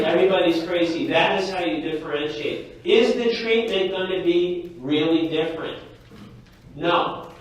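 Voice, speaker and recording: A man's voice: a little high, distant mic. Man lecturing in an echoey hall. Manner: lively, jokey, addresses the class directly. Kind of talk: classroom lecture.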